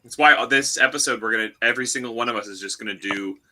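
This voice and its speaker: A man making wry deadpan jokes in casual chat. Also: mid-range voice, quick pace, noisy background.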